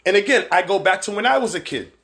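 A Barbadian-accented man hosts his own livestream in loose, rambling talk that is full of swearing and greetings to viewers. His voice sits a little high for a man and comes across bright and forceful. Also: lively intonation, fast. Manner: candid, profane, rambling, shouts out viewers by name. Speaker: host of a livestream show. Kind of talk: casual live-stream commentary.

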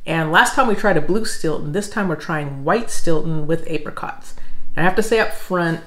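An American woman hosting a casual food-tasting chat, relaxed and chatty, laughing easily. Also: deep voice, normal speed, low-quality recording. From United States. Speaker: food channel host.

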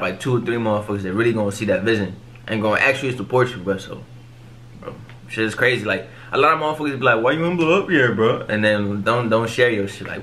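A man's voice: lowish voice, sharp tone, slight background noise. A young man hosting a music reaction video, talking in casual, profane street slang and cutting in over the song.

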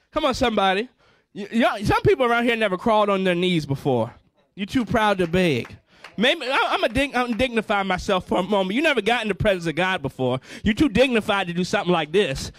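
A man preaches with a high, fervent voice, repeating phrases and calling out for the congregation to answer him. His Black colors every line. The sound is dry and close, with little room around it. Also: big pitch swings, fairly quick, a bit bright, no echo. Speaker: pastor. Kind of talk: sermon.

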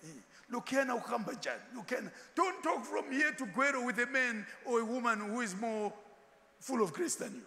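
A man preaches with a high, lively voice that swings widely in pitch. His tone is bright and forceful. The long echo of a large church hall trails behind his words. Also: normal speed, vocal fry. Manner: animated, switching into Ndebele asides and acted quotes. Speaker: pastor. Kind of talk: sermon.

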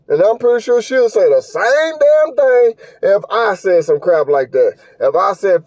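Blunt, cussing high-voiced man. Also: expressive, measured pace, hardly any pauses, darkish tone, dry recording. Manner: blunt, profane, scolding. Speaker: podcast host. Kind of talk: casual reaction commentary.

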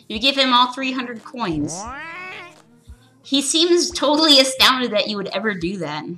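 With a slightly high, sing-song voice that sounds pushed and bright, a woman unhurriedly reads game text aloud during casual let's play commentary, cracking giggly, crude jokes along the way.

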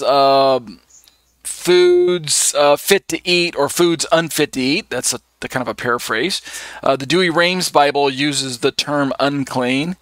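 A man's voice: on the high side, a bit bright, no echo. A man teaching a live online Bible study, working methodically through translations with frequent fillers. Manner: methodical, reads list aloud with many fillers.

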